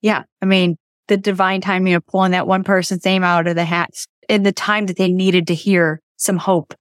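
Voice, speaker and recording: A woman's voice: fairly low pitch, little pitch movement, normal speed, no room sound, studio quality. A woman hosting a podcast interview, who talks in an earnest, reflective way and brings her faith into the conversation. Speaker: podcast host.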